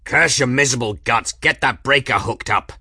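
Man doing a bellowing gruff ship engineer. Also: fairly low pitch, moderate pace, no echo, studio quality. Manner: shouting orders, growling.

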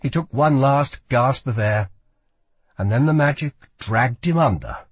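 Slow, husky male audiobook narrator. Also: medium pitch, dry recording. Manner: slow, expressive storytelling. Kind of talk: scripted narration.

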